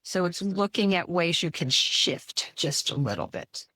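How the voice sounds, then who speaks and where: An effusive woman guest chats through an interview with plenty of enthusiasm and quick restarts. Her voice sits a little low. The sound is dry, with no room around it. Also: lively intonation, pushed and bright, dry recording. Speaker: guest author and coach. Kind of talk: casual interview chat.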